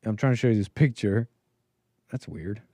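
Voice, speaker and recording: A man's voice: fairly low pitch, normal speed, dark tone, no room sound. A man hosting a call-in show, delivering a rambling, stop-start commentary monologue as he thinks aloud and mutters asides.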